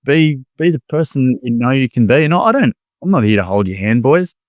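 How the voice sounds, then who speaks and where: An Australian man in casual conversation, telling lively stories and acting out the people he quotes. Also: medium pitch, brisk, no echo. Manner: animated storyteller, acts out quoted voices. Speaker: podcast guest, former teacher.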